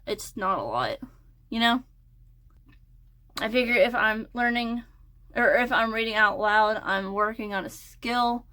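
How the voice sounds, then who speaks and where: A young woman with a slightly high voice chats softly while doing her makeup, wandering from thought to thought. She hesitates often and fills gaps with soft fillers, keeping a relaxed, unhurried get-ready-with-me ramble. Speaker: crochet and design vlogger.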